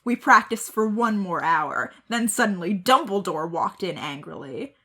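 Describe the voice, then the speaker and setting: A woman's voice: mid-range voice, lively intonation, measured pace, sharp tone. A woman co-hosting a podcast, reading fan fiction aloud with theatrical delivery, giggling and joking between lines. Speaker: podcast co-host.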